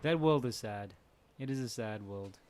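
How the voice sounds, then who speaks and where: Over some background noise, a man with a mid-range voice talks at a normal pace while commenting on his gameplay. He hosts a gaming channel, chats to his viewers in a relaxed let's play style, and keeps joking and laughing along the way.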